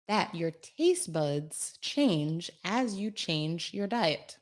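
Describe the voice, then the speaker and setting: A woman's voice: lowish voice, big pitch swings, drawn-out words, hardly any pauses. A woman co-hosting a health podcast, explaining things in a chatty way with acted-out little asides. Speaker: podcast co-host, health coach. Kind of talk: casual podcast chat.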